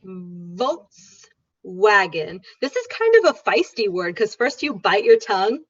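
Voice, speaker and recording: An upbeat woman with a slightly high voice leads an online pronunciation lesson, drawing out each sound for her students. The audio is dull and lo-fi, like a video call, with a dry, close sound. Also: huge pitch swings, breathy edge, no room sound. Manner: upbeat, demonstrative, repeats sounds slowly. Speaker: English teacher.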